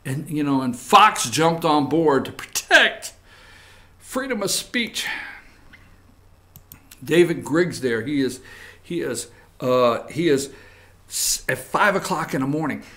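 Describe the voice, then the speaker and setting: Man, high voice, bright and forceful, mocking political commentary, muttered asides. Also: expressive, slow, pauses often. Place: studio.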